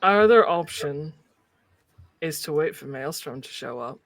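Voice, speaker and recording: A man's voice: a little high, animated, unhurried, a bit bright, no room sound. A man playing a tabletop role-playing game, skeptical and decisive as he weighs plans. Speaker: player. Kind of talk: tabletop role-play chat.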